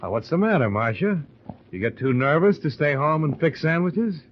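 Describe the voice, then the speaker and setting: A man's voice: fairly high pitch, lively intonation, normal speed. A man playing a hard-boiled detective who also narrates, wry and clipped, in 1940s radio acting. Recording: dull noisy old radio recording.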